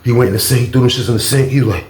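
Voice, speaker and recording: A man's voice: mid-range voice, rapid-fire, darkish tone, echoey room. A man casually retelling a prison story in slangy speech, acting out the other people's voices as he goes.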